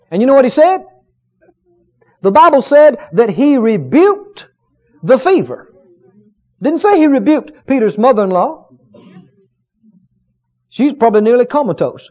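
A man preaching a sermon, stretching out key words for emphasis and rising to loud shouts of praise. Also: very high-pitched. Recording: dull lo-fi sermon recording.

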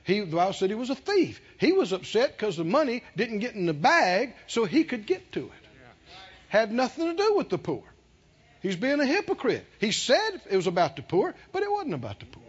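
A man with a slightly rough, high voice preaches fairly quickly. Animated, he laughs through a story and calls out to the congregation, captured on a dull lo-fi sermon recording.

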